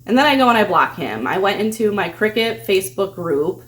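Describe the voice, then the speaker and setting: A woman vlogger tells a story with plenty of sarcasm and lively delivery. Her voice sits at an ordinary middle pitch, and she sounds like she is talking straight to her viewers. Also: fairly quick. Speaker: craft vlogger. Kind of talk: storytelling vlog.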